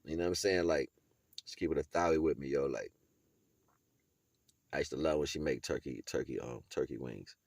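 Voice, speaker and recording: A man's voice: a bass voice, normal speed, vocal fry, long pauses, darkish tone, no echo. Easygoing man with slangy, dry-sounding talk. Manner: street slang, keeps asking "you know what I'm saying"; laughs often while talking. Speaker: video blogger. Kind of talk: casual motivational monologue.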